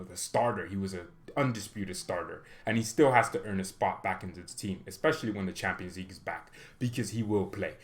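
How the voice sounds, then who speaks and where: A man with a slightly bright voice on the low side hosts a fan channel. His casual football commentary rambles, chatty and full of fillers.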